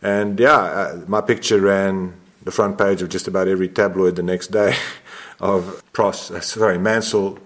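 Older man, low voice, rambling interview anecdote, self-correcting. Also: steady tone, normal speed. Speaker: motorsport photographer guest. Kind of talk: interview storytelling.

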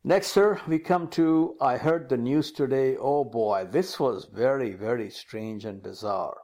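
A man co-hosting a motor racing podcast, reading news items in a lively, joking manner and calling his partner "sir". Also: medium pitch, a little slow. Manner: animated, calls partner "sir". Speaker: podcast co-host. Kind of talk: casual news chat.

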